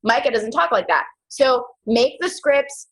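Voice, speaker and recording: A young woman talks her team through a casual motivational call, with a slightly higher voice. She is chatty and animated, drops slang and jumps into mock voices as she goes. She sounds like she is speaking over a video call. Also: unhurried, poor audio. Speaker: team leader on a coaching call.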